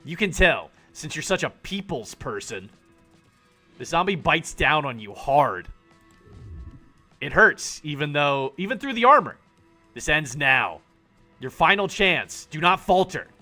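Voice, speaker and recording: Casting: male streamer, animated and swearing, high bright voice, faint music behind. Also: a little slow, pauses often. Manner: animated, swears and laughs often. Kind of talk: playing a game while reading its text aloud.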